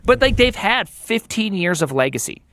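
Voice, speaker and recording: A man's voice: sits high, very animated, normal speed, a bit bright, no room sound, studio quality. A man speaking as a guest in a casual podcast conversation, emphatic and opinionated, driving points home by repeating them. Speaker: podcast guest, software engineer.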